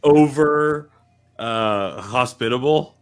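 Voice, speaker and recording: A man in casual chat, playful with quick jokey asides. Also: mid-range voice.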